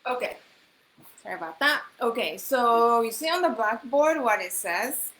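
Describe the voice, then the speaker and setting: A woman teaching a Japanese class in English, explaining phrases and repeating them slowly. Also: on the high side, expressive. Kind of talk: online language class. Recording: faint hiss.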